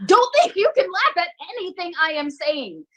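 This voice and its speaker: A woman's voice: extremely high pitch, huge pitch swings, normal speed, full character voice, poor audio. A woman playing a furious actress who hurls profane insults at castmates on a video call. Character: foul-mouthed furious actress Daphne. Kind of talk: comedic acting over video call.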